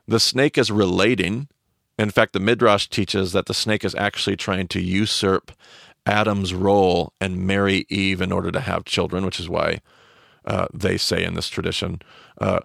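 Low gravelly podcast teacher guy explaining stuff, asks his cohost questions. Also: a bit bright, no echo, clean studio sound.

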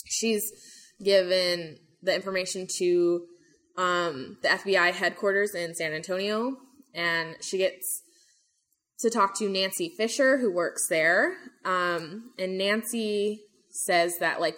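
A woman's voice: lowish voice, takes it slowly, a bit bright. A young woman hosting a casual podcast, telling a true crime story with lots of "like" and "um" and acted-out quotes. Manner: chatty, lots of "like" and "um", acts out quotes.

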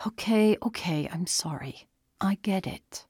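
Give me a woman reading as a calm teenage boy who presses his friend with question after question in a lowish, unhurried voice. It is a dry storybook recording. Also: husky, no echo, full character voice. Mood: pressing. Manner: questioning, measured, gently pressing.

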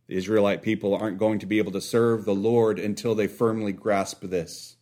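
A man with children preaching a sermon, deliberate, pausing for effect and dropping to a hush on key words. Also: fairly low pitch, fairly even intonation. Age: young adult or middle-aged, a father. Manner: deliberate, with long dramatic pauses and drops to a hush.

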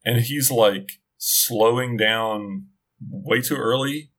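This middle-aged podcast guest talks slowly with a medium pitch and a fairly bright tone. Chatting casually, he spins out a long tale, constantly restarting and wandering into asides.

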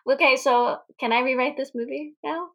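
A young woman co-hosting a casual movie recap podcast, animated and quick to laugh, swearing freely. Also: high-pitched. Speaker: podcast co-host.

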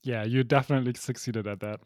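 A man's voice: medium pitch, fairly even intonation, fast, darkish tone, dry recording, clean studio sound. Self-mocking man chatting from home. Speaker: podcast co-host. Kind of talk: casual chat. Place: alone in his apartment.

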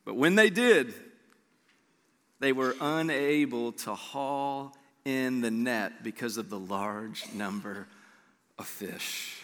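Bright, animated male preacher in a hall. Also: takes it slowly. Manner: animated preacher, voice jumps high for emphasis; acts out quoted dialogue. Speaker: pastor. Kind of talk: sermon. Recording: long hall reverb.

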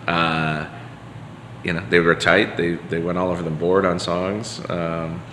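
Deep bright-voiced guy rambling on a podcast, lots of uh and like, echoey room w long reverb. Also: level tone, measured pace, slight background noise. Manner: rambling, many fillers and restarts. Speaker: podcast guest. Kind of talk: casual conversation, storytelling.

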